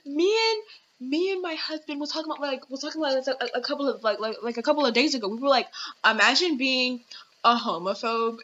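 A woman's voice: sits high, very fast, lo-fi sound. A young adult woman hosting a podcast, ranting animatedly in casual chat with lots of fillers. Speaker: podcast host.

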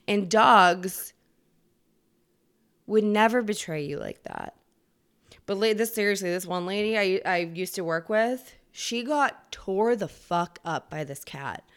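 A woman host with a smooth, clear voice of middling pitch, ranting in a loose comedic way. She swears freely and breaks into laughter now and then. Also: slow. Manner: profane, animated, laughs often. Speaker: podcast host. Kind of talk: casual comedic rant.

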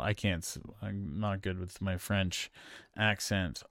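A man talking through a film in a relaxed, meandering way, full of "um"s and restarts. His voice is smooth and clear, recorded close and dry with no room around it. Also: fairly low pitch, a little slow, no room sound. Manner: rambling, many fillers and restarts. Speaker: podcast co-host. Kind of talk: casual film review chat.

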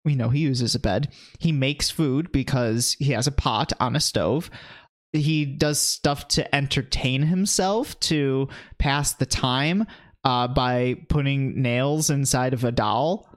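A male podcast co-host retells scenes in loose, animated chat, swearing freely. His voice sits at an average pitch. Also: slow. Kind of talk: casual chat.

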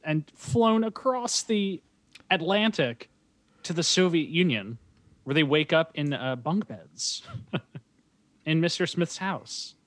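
A man's voice: fairly high pitch, slow pace, pauses often, no echo. Man recapping a movie, dry close sound. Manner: animated recapping, chuckles often. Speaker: podcast co-host. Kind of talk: casual chat.

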